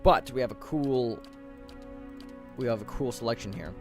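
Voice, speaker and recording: Guy streaming an rpg, chatty and joking about himself, mid voice, quiet music behind. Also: mid-range voice, normal speed. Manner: chatty, self-deprecating, talks to viewers. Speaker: game streamer. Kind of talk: casual game stream chat.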